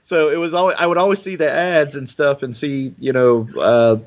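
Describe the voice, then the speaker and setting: A man on a podcast, reminiscing in a relaxed way with lots of fillers. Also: a little high, normal speed. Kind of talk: casual podcast chat. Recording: dull lo-fi podcast audio.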